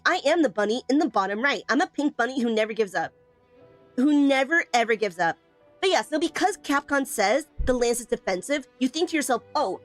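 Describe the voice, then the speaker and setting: Playful, teasing woman streamer. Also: on the high side. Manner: playful, teasing, emphatic with repetition. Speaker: streamer teaching a game weapon. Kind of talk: live stream tutorial, chatting with viewers.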